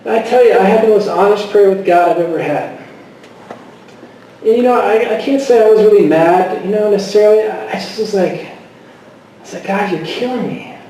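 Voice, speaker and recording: A middle-aged man giving a personal testimony, speaking haltingly with many fillers and restarts and often quoting himself. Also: high-pitched, dark tone, slight background noise. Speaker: guest speaker. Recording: echoey hall from far off.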